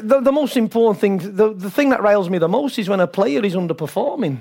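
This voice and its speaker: Animated, high-voiced English storyteller man. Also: fast, vocal fry. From England. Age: older. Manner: animated storyteller, laughs often, acts out voices. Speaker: football coach. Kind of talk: talk-show interview.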